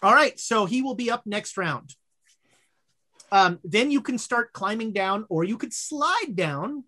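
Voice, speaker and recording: A woman narrating as game master of a tabletop horror game, halting with fillers and restarts. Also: a little high, animated, bright, forceful tone.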